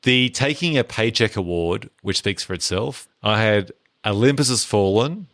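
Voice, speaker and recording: Give me a man with a low, dry voice, wryly running a casual podcast chat. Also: expressive, moderate pace, fairly bright tone, no room sound. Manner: runs the segments, wry and joking. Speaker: podcast co-host.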